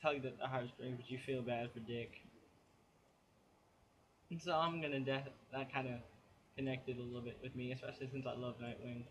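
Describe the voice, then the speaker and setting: A man's voice: mid-range voice, fairly even intonation, normal speed, pauses often, noisy background. A man giving a casual spoken comic book review, chatty and rambling as he retells the plot.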